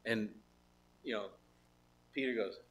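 A man preaching a sermon, reading Bible verses and turning them into conversational rhetorical questions, stopping now and then to clear his throat. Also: lowish voice, slow, fairly bright tone.

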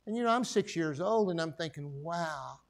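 In a high, expressive voice and at a fairly quick pace, a middle-aged man from Texas with a Texan accent preaches and recounts his personal story. His manner is folksy, and he calls out for amens from the congregation.

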